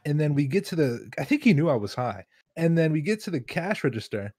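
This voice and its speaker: A man's voice: fairly high pitch, sing-song, brisk, a little mellow, breathy edge, no room sound, clean studio sound. A young man casually telling a rambling story among friends, swearing freely. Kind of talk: casual chat.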